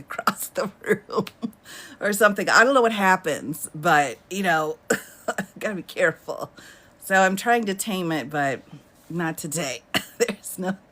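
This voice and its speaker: A woman's voice: fairly low pitch, fairly bright tone. A woman in her thirties hosting a casual live stream from home, chatting and laughing often as she answers viewer comments. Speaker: livestream host.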